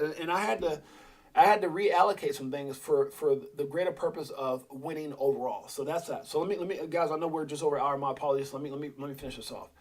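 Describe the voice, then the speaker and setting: A man hosting a crypto livestream, talking casually and rambling with animated asides. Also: fairly high pitch. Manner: rambling, animated, quick asides and mock voices.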